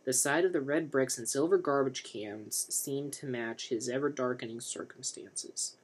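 A man's voice: mid-range voice, moderate pace, husky. A man reading a novel aloud for comic effect, with dry, wry asides. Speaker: reader.

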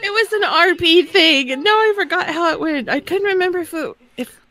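A woman's voice: very high voice, lively intonation, a little fast, very noisy. A woman in a casual podcast chat, protesting and laughing things off.

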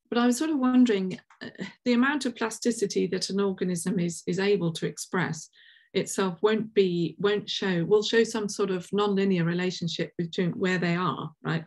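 A woman with a medium-pitched, darkish voice hosts and chairs the Q&A at an online science seminar over a video call, speaking with many ums and restarts.

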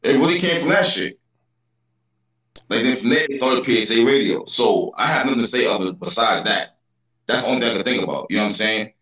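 A man's voice: medium pitch, expressive, a little fast, a bit bright. A man as a talk show guest, teasing and insisting, repeating himself in a heated casual chat. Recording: roomy, distant, dull sound.

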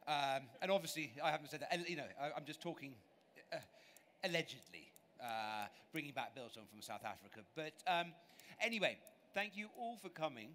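A man's voice: on the high side, big pitch swings, moderate pace, fairly bright tone, a little hiss or hum. A man from England giving a live cooking demonstration on a show stage, chatty, enthusiastic and self-deprecating as he talks through his dishes. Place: large exhibition stage.

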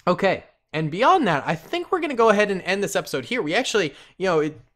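A man's voice: sits high, fast talker. Man thinking aloud over a strategy game. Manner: excitable, reacts aloud to the action, casual slang; thinks aloud with fillers while planning. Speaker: gaming channel host. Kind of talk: casual gameplay commentary.

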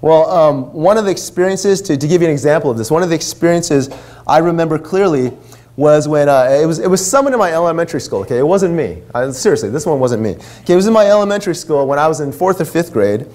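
A man's voice: a little high, animated, fast, a little mellow. A man in his forties, a minister, telling a story in a sermon in a casual, chatty way full of asides. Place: church.

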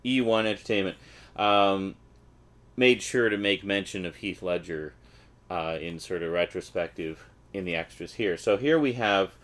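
Low and slightly bright, this Canadian vlogger's voice moves at a measured pace. He unboxes a package casually, wryly reading out the blurbs with pretend excitement.

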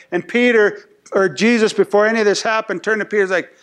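A man's voice: high voice, fairly even intonation, fairly quick, fairly bright tone. A male pastor giving a conversational sermon who acts out short voices and often repeats words as he talks.

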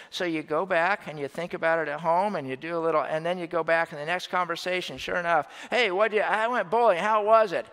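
A male pastor delivers a relaxed, humorous sermon, talking to his congregation as if chatting with friends. His voice sits slightly higher than most men's. The church reverb trails after every phrase. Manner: conversational, joking, checks in with "all right?" and "okay?". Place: church sanctuary.

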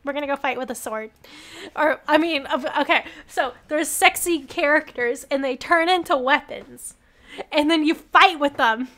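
A young woman streaming a game live, reacting in an excitable, giggly way and reading the game's text aloud. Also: sits high, normal speed.

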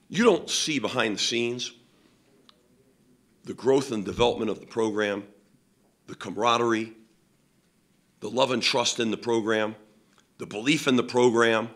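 A man's voice: mid-range voice, a bit bright. Guy coaching football, post-game presser, blunt and emphatic, lots of fillers. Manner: blunt, emphatic, many "you know" fillers.

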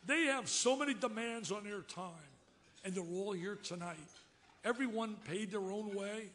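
A man in his seventies delivers an acceptance speech in a high, piercingly bright voice. He talks loud and fast-paced in bursts, exclaiming and spinning stories with big energy. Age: 70s. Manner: excitable, loud, storytelling, exclamatory. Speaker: award recipient giving a speech.

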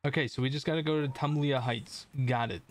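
A man's voice: mid-range voice, steady tone, brisk, soft background music. A man streaming a video game, chatting casually with viewers in a rambling, self-deprecating way and swearing at the game. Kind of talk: casual gameplay commentary.

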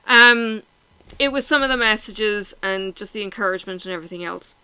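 A woman's voice: mid-range voice, fairly quick, sharp tone, clean tone, dry recording, rough recording. A woman, chatting frankly and bluntly to her viewers in a casual vlog, teary and sniffling. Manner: blunt, frank and self-mocking, with swearing and laughs. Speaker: vlogger.

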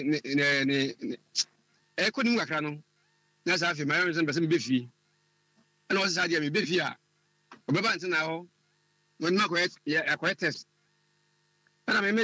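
Husky-voiced man telling his story. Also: on the high side, sharp tone, no room sound. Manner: halting, repeats words while searching for them. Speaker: caller. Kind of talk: telling a personal story on a call-in show.

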